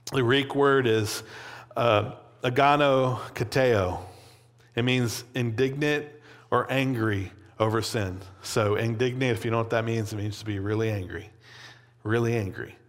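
A man preaching a sermon in a relaxed, conversational way, with plenty of casual fillers. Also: mid-range voice. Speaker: pastor. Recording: long hall reverb.

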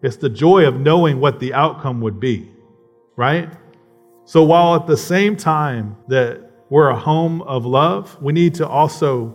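A man's voice: a little high, unhurried, faint music behind. A man preaching a conversational sermon, often checking in with "right?" and building to emphatic passages. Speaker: pastor.

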